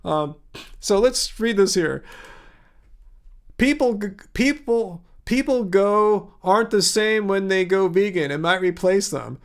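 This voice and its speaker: Man, livestream host, fairly high voice, sarcastic, incredulous, rambling with fillers, casual chat. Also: animated, slow, clean tone.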